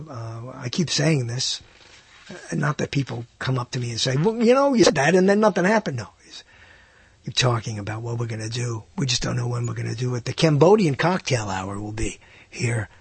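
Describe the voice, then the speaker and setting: A man's voice: mid-range voice, moderate pace, vocal fry, breathy edge, no echo. A man hosting a live internet radio talk show, rambling and hesitant, with self-mocking asides.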